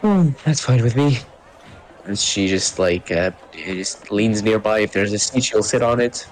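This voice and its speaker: A man's voice: on the low side, measured pace, slight background noise. A man playing in a tabletop game, talking casually with jokes and swearing. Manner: casual, joking, profane. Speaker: player.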